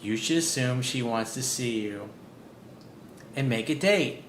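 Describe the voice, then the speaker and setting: A man's voice: medium pitch, measured pace. Blunt man coaching, roomy sound. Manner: blunt, profane, emphatic commentary. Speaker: dating coach. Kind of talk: reading and commenting on a viewer's email. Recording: roomy with faint background noise.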